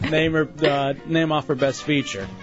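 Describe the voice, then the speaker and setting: A man with a high voice hosts a late-night radio show, running a dating game with quick, chuckling banter. The broadcast sounds a little dull, with music playing underneath. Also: fairly even intonation. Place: radio studio.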